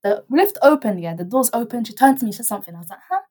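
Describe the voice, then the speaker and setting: A young woman, telling a story in casual chat as a guest, animated and rambling, with many restarts and quoted dialogue. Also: fairly high pitch, very fast.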